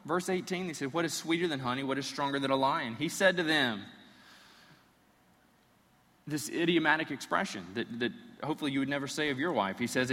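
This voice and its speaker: A man preaching a sermon, retelling a story in an animated way with playful asides. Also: a little high. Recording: reverberant hall.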